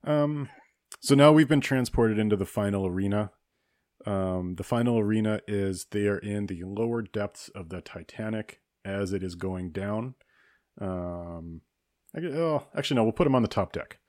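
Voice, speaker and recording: Low-voiced man hosting a casual podcast. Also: moderate pace, a little mellow, no room sound, studio quality. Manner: decisive, lays out scenarios and rulings. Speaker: podcast host running a hypothetical movie showdown. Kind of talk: casual chat.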